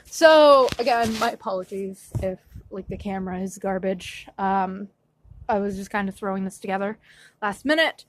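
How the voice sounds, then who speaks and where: Speaking at a moderate pace with a medium-pitched voice, a young woman tells her story in an emotional vlog. She's upset and rants with frequent swearing, yet comes across as shaky and apologetic.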